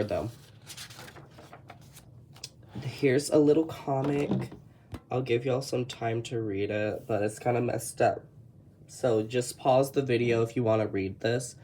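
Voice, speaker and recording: A Texan-accented artist gives a loose, talkative tour of an old sketchbook, frequently pausing to fix what they just said. The voice is medium in pitch and mellow.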